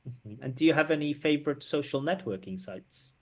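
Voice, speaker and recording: A man's voice: a little high, lively intonation, a little fast, a little mellow. A man working as a language test examiner, giving analytical feedback and repeating phrases to model pronunciation.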